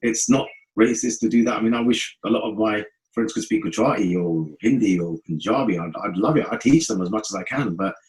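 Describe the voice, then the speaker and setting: A man from North West London talks at a fast clip in a fairly low voice. He is the musician guest in a relaxed podcast chat, telling lively stories and dropping into patois as he quotes his friends. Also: rough recording. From North West London, England. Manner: animated storytelling, slips into friends' patois. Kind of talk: casual podcast interview.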